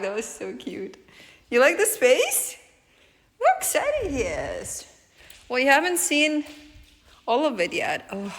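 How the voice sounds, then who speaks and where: A woman chatting casually in a vlog, talking to her pet in a soft, doting voice with hushed asides. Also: mid-range voice, vocal fry. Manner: soft, doting baby-talk with frequent laughs and hushed asides. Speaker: vlogger.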